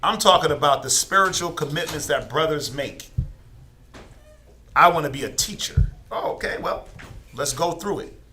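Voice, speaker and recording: A man leads a Bible class in a loose, conversational preaching style. His voice is bright and forceful and sits a little high. He keeps asking the class rhetorical questions. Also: moderate pace, pauses often, a little hiss or hum. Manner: informal, many rhetorical questions.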